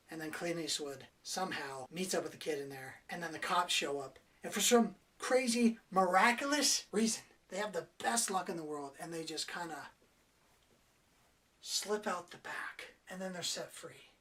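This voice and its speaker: A man's voice: a little high, moderate pace, fairly bright tone, distant mic. A man giving a casual, blunt and sarcastic movie review, cursing freely. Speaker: film reviewer.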